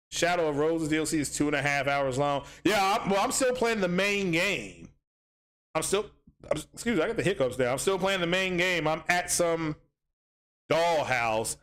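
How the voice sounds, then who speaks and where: A man's voice: on the high side, a bit bright. Rambling man hosting a gaming stream. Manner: rambling, frequent ums and restarts, reads chat aloud. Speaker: gaming livestream host. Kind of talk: casual livestream chat.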